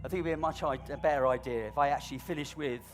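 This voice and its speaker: A man's voice: medium pitch, very fast, over music. A middle-aged man doing live stage comedy as a balloon performer, with cheeky, cajoling banter aimed at an audience volunteer.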